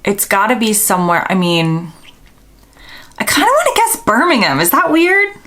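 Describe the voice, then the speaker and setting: A woman's voice: medium pitch, sing-song, moderate pace, a bit bright. American woman thinking aloud through a quiz. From United States. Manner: thinking aloud, unsure and self-questioning. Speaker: vlogger. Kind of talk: casual quiz commentary.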